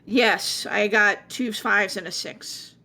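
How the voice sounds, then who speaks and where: Casting a woman tabletop player with a bright, gravelly tone who halts and hesitates often. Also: medium pitch. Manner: hesitant, halting, counts dice aloud. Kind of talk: tabletop game play.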